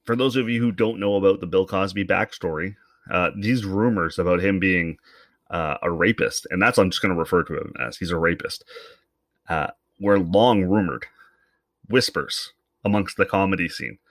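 A man's voice: low-pitched, normal speed, no echo. A man hosting a solo podcast, talking bluntly and with some swearing in an opinionated, rambling monologue into a podcast microphone. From Canada. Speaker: podcast host.

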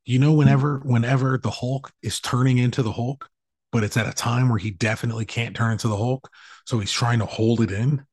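A man in his thirties co-hosting a podcast, rambling through animated stories with plenty of swearing. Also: mid-range voice, fairly quick, husky, no room sound. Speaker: podcast co-host. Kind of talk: casual chat.

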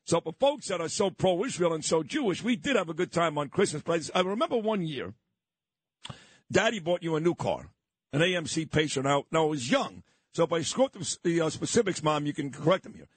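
A man's voice: on the high side, very animated, brisk, husky, dry recording. A middle-aged man from Brooklyn, hosting a morning radio show and telling stories in a nostalgic way. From Brooklyn, New York. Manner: nostalgic, storytelling. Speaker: radio host. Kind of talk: casual radio chat.

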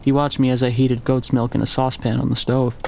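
Gravelly man narrating a story. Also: medium pitch, little pitch movement, fairly quick, warm tone, slight background noise. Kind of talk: scripted audiobook narration.

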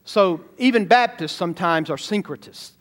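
Animated high-voiced preacher. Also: male voice, normal speed. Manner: animated preaching, sudden shouts and asides to the congregation. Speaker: pastor. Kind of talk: sermon.

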